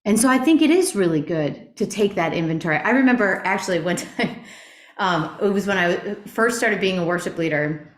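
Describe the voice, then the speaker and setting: Middle-aged female Bible teacher, animated and earnest, mid-pitched voice, echoey room. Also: brisk. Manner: earnest, animated storytelling with rhetorical questions. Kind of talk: conversational Bible class teaching. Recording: roomy echo.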